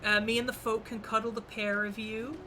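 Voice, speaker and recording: A man's voice: high-pitched, level tone, normal speed, background noise. A young man from the UK, chatting casually and bluntly while streaming a game, rambling and swearing freely. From United Kingdom. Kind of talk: casual chat while gaming. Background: game music.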